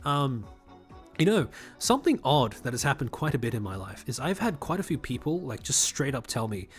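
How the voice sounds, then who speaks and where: A man's voice: medium pitch, big pitch swings, fairly quick, soft background music. A young man from Australia whose first language is Mandarin, chatting casually on a live stream, laughing often and reading out chat messages.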